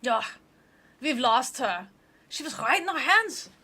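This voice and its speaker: A woman's voice: high voice, big pitch swings, a little slow, sharp tone, husky, pitched above the performer's own voice, exaggerated voice. A woman voicing a male devil who is furious and thwarted, with a growling, menacing manner.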